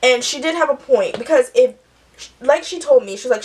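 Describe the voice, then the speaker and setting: A woman's voice: high voice, fairly quick. A young woman, chatting through a story while doing her makeup, acting out the people she quotes. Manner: chatty, animated, acts out quotes. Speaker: nurse vlogger.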